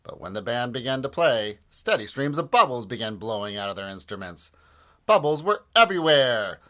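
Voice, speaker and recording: A man reading a children's book aloud in a playful, animated way and doing voices for the characters. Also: medium pitch, normal speed. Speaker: storybook reader.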